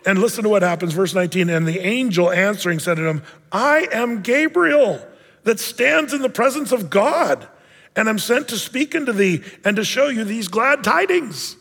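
Male pastor, high voice, casual jokey sermon, playful character voices, long reverb. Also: lively intonation, moderate pace, a bit bright. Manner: jokey, conversational preaching with playful voices for Bible figures.

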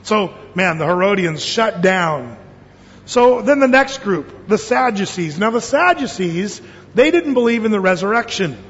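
High-voiced folksy male pastor. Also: sing-song, a little slow, fairly bright tone, long reverb tail, muffled recording. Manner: folksy storytelling with jokes and quoted voices. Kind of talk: sermon.

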